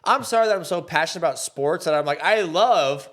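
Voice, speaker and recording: A man's voice: fairly high pitch, a little fast. A young man co-hosting a sports podcast in casual chat, swearing freely and laughing often. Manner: profane, excitable, laughs often. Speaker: podcast co-host.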